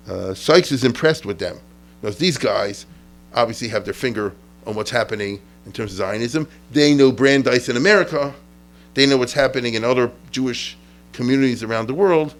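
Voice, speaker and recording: A middle-aged man, a rabbi, giving an informal history lecture in a chatty, digressive way, acting out quotes from the people he describes. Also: mid-range voice.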